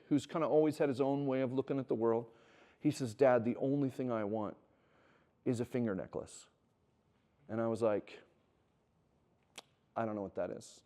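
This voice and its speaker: A middle-aged man giving a conversational sermon to students, telling stories and acting out quoted dialogue. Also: medium pitch. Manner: conversational, acts out quoted dialogue, builds to animated emphasis. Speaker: speaker at a Christian wilderness school. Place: teaching room with students.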